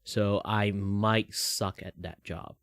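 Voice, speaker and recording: A man's voice: level tone, slow, vocal fry, a bit bright, clean tone, no echo, clean studio sound. A young man from Malaysia, chatting casually while drawing on a stream and rambling with lots of filler words. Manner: rambling, many filler words, flips between a low voice and a higher one.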